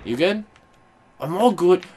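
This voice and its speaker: Angry gamer guy ranting and cussing, kinda high voice, some hiss in the back. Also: lively intonation, slow pace. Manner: furious, swearing, swings from yelling to muttering. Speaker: gaming video host. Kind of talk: angry let's-play commentary.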